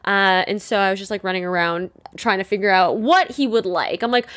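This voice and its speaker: A woman's voice: mid-range voice, moderate pace, hardly any pauses, fairly bright tone. A young woman hosting her own podcast, chatting casually and rambling with frequent fillers. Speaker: podcast host. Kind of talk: casual solo podcast chat.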